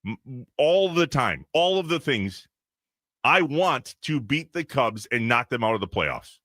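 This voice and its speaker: A man co-hosting a sports radio show, ranting in quick bursts in a casual talk style. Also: medium pitch, big pitch swings, fairly bright tone, no echo, studio quality. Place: radio studio. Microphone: studio microphone.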